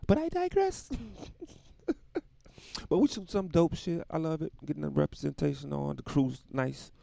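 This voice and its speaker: A tired man rambling through a casual comedic monologue, laughing often and breaking into loud put-on voices. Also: a little high, fairly quick, gravelly, no room sound. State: dog tired.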